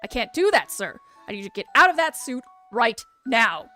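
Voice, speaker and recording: A woman's voice: fairly high pitch, very animated, moderate pace, sharp tone, faint music behind. A woman voicing an anxious, insistent male costume-shop clerk who speaks formally and pleads. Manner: formal and pleading, calls others sir.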